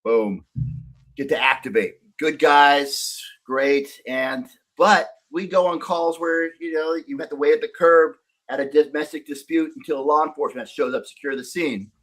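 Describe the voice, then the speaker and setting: A man's voice: on the high side, steady tone, normal speed, a bit bright. A middle-aged man from Northern California, a podcast guest telling his life story in a candid, profane, casual way.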